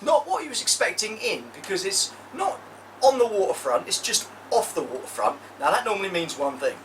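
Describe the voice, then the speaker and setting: Animated game master. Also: male voice, sits high, brisk, recorded from a distance, a little hiss or hum. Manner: crude, joking, animated. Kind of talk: narrating a tabletop game.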